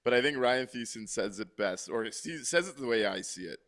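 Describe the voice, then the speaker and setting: A man's voice: medium pitch, expressive, normal speed, a bit bright. A man co-hosting a call-in hockey post-game show, talking bluntly in casual chat, exasperated and swearing freely.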